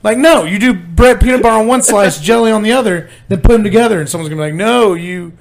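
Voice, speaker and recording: A young man with a high, light voice chats loosely as a podcast co-host. He tells crude bathroom stories and keeps laughing through them. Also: rapid-fire. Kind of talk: casual chat.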